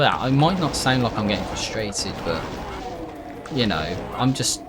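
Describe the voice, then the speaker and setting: A man's voice: on the low side, lively intonation, moderate pace, noisy background. A man giving casual, rambling commentary as he plays a video game, correcting himself often and swearing when frustrated. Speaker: gaming YouTuber.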